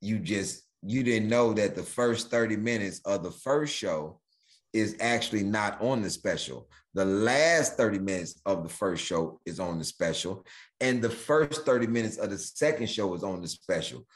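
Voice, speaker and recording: A man, a guest comedian, telling stories in casual chat, animated and riffing. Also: lowish voice, normal speed. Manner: animated, riffing, jumps into bits.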